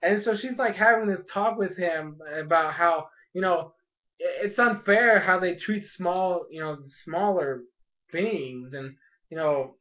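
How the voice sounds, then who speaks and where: High-voiced man rambling through a review. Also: a little slow. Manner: rambling and animated, acts out characters' lines. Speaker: anime episode reviewer. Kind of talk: casual spoken review. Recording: dull lo-fi sound.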